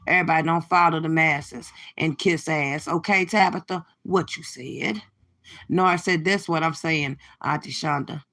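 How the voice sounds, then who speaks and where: A woman hosts a casual reaction livestream, hurling profane, sassy trash talk straight at her viewers. Her voice sits low, a bit bright, at a moderate pace.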